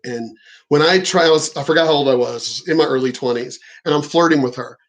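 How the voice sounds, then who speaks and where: A man's voice: fairly high pitch, a little fast, poor audio. A man giving blunt, profane commentary and telling a story in casual talk. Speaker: commentator reacting to clips.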